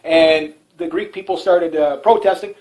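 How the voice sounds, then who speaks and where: A man's voice: fairly high pitch, fairly even intonation, normal speed, darkish tone, rough recording. A man from Canada hosting a talk show, delivering a casual political commentary monologue that rambles, with many fillers and restarts and frequent chuckles.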